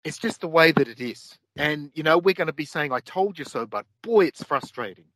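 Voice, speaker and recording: A man's voice: on the high side, expressive, fairly quick, sharp tone, no room sound, poor audio. A man with an Australian accent co-hosting a talk show, ranting in a heated, profane and repetitive way. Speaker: podcast co-host.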